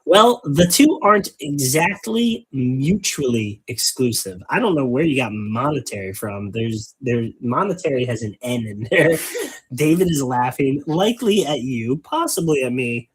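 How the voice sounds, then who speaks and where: A man hosting a laid-back painting stream, chatting on and on and poking fun at himself. His voice is husky and sits at an ordinary male pitch. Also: expressive, moderate pace, low-quality recording. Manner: wordy, rambling, self-mocking. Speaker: host. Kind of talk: casual chat while painting miniatures.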